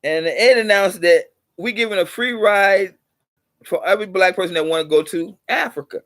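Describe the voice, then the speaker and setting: A man with a high voice, preaching to the camera in a repetitive, insistent way. He spins little stories to make his point. The sound is dry and close, with no room echo. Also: normal speed, a bit bright. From United States. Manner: preachy, repeats points for emphasis; tells allegorical stories. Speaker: channel host. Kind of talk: motivational vlog talk.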